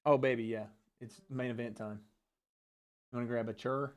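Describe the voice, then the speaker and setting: Casual live commentary comes from a man hosting a livestream watch party, his voice medium-pitched and steady at a normal speed. He talks into a dynamic mic, chatty, joking, and profane.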